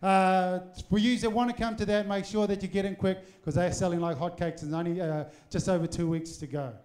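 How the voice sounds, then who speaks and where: Hosting a live supporters' evening in a crowded hotel function room, a man speaks a little fast into a handheld mic, his high, darkish voice holding fairly even intonation. He rouses the room with jokes and teasing asides, and a faint crowd of supporters is in the background.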